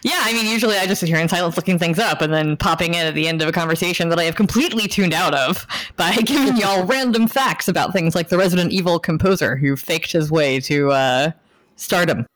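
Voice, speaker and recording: A woman hosts a casual podcast, joking around playfully and steering the conversation with a lively delivery. She talks fast in a fairly low voice.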